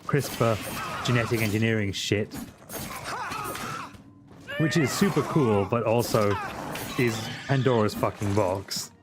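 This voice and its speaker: A man's voice: fairly low pitch, slow, long pauses, over music. A man streaming a game live, chatting casually and ranting crudely in comic asides. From Britain.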